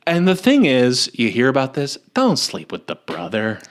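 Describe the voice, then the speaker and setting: A man with a mid-range voice co-hosts a casual comedy podcast at normal speed, recapping a horror film with jokes, self-mocking asides, and sudden animated outbursts.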